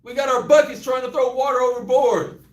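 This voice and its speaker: A man with a Texan accent teaching a Bible class in an animated, joking way, acting out scenes as he goes. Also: very high voice, brisk. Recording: roomy, distant mic.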